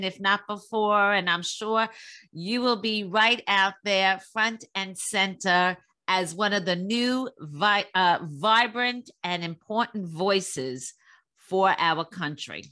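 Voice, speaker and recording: A woman's voice: mid-range voice, unhurried, pushed and bright. A woman hosting a podcast, effusive and full of praise for her guest in a casual interview. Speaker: podcast host.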